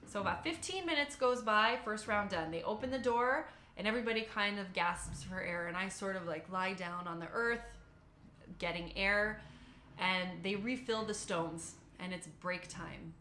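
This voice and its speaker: A young woman recounts a personal experience to her viewers, bright and forceful in tone. She tells it animatedly and emotionally, acting out her own inner thoughts. The recording has a noticeable roomy echo. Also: mid-range voice, moderate pace, a little hiss or hum. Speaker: vlogger. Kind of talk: personal storytelling.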